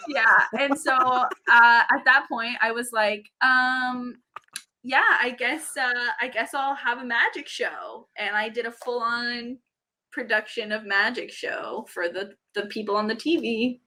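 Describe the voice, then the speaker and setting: Brief: young woman guest, high bright voice, lively storyteller who acts out voices, video call. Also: a little slow. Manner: acts out quoted voices, laughs often. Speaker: reality show contestant guest. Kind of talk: animated storytelling in an interview.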